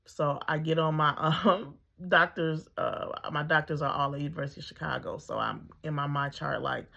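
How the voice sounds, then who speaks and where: A woman's voice: low-pitched, expressive, normal speed, vocal fry, pushed and bright. A middle-aged woman, a mother, telling her own story in a casual, conversational way, full of ums and acting out her own thoughts.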